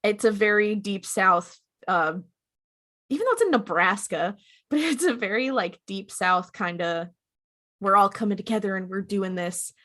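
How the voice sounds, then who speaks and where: A woman's voice: mid-range voice, normal speed. A woman co-hosting a podcast, retelling a TV episode in casual chat and acting out the characters' lines as she goes. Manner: animated, acts out characters' lines while retelling. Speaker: podcast co-host.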